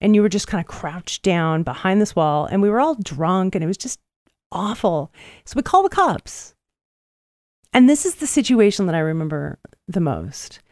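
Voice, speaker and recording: An animated woman telling a story on a podcast. She swears freely and acts out every quote with big jumps in pitch. The sound is dry and close to the mic. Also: moderate pace, dry recording. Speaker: podcast host. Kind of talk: casual storytelling chat.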